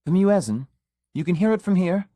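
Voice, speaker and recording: A reserved, wistful woman traveling abroad, as a male narrator puts her on in this audiobook. Her lines come quiet and restrained, set a little higher than a man's voice. The sound is close and dry. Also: expressive, brisk, no room sound, lightly acted. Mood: hushed.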